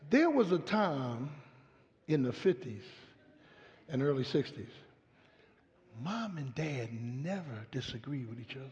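An older man preaching a sermon as pastor, calling out to the congregation and building to shouts. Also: a little high. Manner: call-and-response preaching, rising to shouts. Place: church sanctuary. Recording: muffled live audio in a hall.

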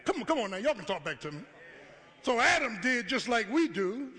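A pastor preaching a call-and-response sermon, acting out God's voice and rising to shouts. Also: male voice, very high voice, very animated, a little fast. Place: church sanctuary. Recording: live church hall with long reverb.

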